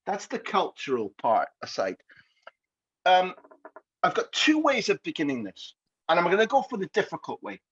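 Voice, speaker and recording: Scottish podcast host, husky, animated and playful, slightly dull lo-fi sound. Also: male voice, high-pitched, moderate pace. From Scotland. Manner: playful, jokey questioning. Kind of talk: podcast interview.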